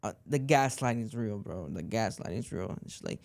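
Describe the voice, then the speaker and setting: A man's voice: fairly low pitch, lively intonation, fairly quick, creaky, few pauses, a little mellow, no echo. A young man hosting a podcast, telling a personal story in a rambling way and leaning on "like" and repeated phrases. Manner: rambling, repeats himself, lots of "like". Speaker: podcast host.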